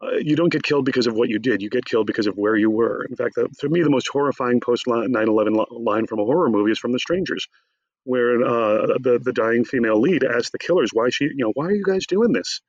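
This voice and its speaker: A man who is a theater professor and author, talking in a wry, chatty interview and telling animated stories. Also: mid-range voice, quick pace, dry recording, highs cut off. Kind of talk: conversational interview.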